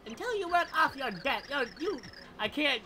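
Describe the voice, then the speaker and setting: Woman putting on a spoiled Valley Girl villain, high shrill voice, swoops wildly, bright game character. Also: sing-song, normal speed, soft background music, heavily acted. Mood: scornful. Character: bratty spoiled young female villain, greedy.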